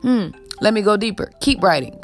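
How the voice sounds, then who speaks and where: Soft music plays behind a woman giving a preachy, motivational spiritual talk to camera in a mid-range voice. She speaks briskly with lively intonation, ends most sentences with a questioning "ah?", and sighs now and then before blowing love.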